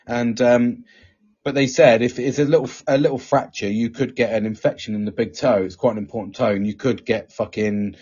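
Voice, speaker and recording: Male podcast host, husky, sweary storyteller, dull lo-fi sound. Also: medium pitch, steady tone, fairly quick, a little mellow. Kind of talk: casual chat. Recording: dull lo-fi recording.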